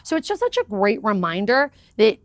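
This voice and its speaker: An upbeat woman guest tells stories with lively expression in a relaxed interview chat. Her voice is recorded close and dry, with no room sound around it. She sits at a middle pitch for a woman. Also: moderate pace, no echo. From United States. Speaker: podcast guest.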